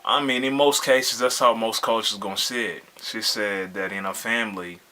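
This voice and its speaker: A man's voice: fairly low pitch, fairly even intonation, normal speed, pushed and bright. A man hosting a reaction video, commenting casually in laid-back slang and often asking "you feel me".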